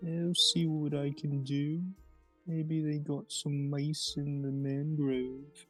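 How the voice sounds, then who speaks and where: A man's voice: on the high side, flat delivery, slow pace, soft background music. A man voicing a cocky, self-assured adventurer in a video game who boasts and waves off any help.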